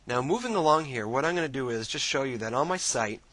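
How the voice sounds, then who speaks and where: A man explaining things in a casual, relaxed screen-share tutorial, using many fillers and restarts. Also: medium pitch, fast talker, no echo, poor audio. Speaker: language teacher.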